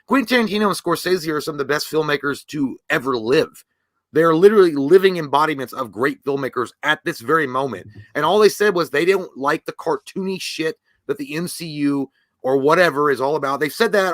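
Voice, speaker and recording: A man's voice: fairly high pitch, brisk, a bit bright, dry recording. A man co-hosting a podcast, ranting bluntly and crudely in casual chat. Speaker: podcast co-host.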